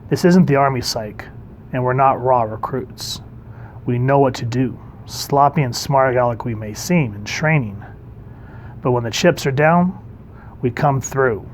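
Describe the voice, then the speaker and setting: A man's voice: medium pitch, unhurried, a little hiss or hum, natural voice. A man voicing a brash young male superhero, reading his defiant, cocky comeback aloud.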